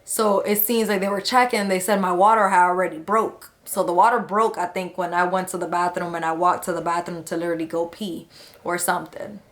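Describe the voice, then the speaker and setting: A woman's voice: on the low side, fairly even intonation, brisk. A woman vlogger casually telling a story to a nearby camera, chatty and slangy, acting out the people she quotes. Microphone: camera close to her.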